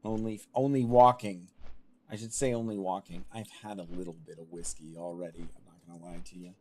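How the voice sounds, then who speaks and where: A man's voice: low-pitched, fairly even intonation, brisk, mellow, a little hiss or hum. A man livestreaming a game, chatting casually with viewers in a self-deprecating, laughing way, wearing headphones at a desk mic. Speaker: streamer.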